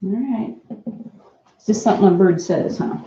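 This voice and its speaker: A woman at home streams live with her pet parrot. She coaxes it over and over in a lilting, baby-talk voice and drops into relaxed, chatty asides for her viewers. The sound is echoey and a little dull, like a home room caught on a basic stream mic. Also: medium pitch, normal speed, a little hiss or hum.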